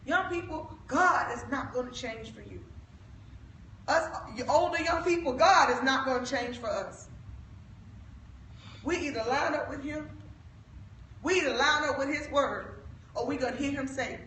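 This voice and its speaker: A woman evangelist, exhorting the young people of her church, fervent and at times shouting. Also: sits high, measured pace, pauses often, slight background noise. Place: church sanctuary. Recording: echoey church, mic from a distance.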